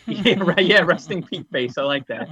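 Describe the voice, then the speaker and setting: Rambling bright-voiced podcast co-host man. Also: on the high side, expressive, moderate pace, husky, dry recording. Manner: rambling, lots of filler words. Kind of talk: casual wrestling podcast chat.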